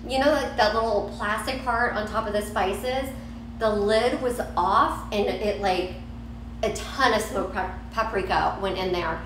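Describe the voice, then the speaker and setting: A woman's voice: mid-range voice, very echoey, far from the mic, a little hiss or hum, rough recording. A woman hosting a casual home cooking show, chatting and snacking in her kitchen as she preps food. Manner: chatty, eats while talking, laughs easily.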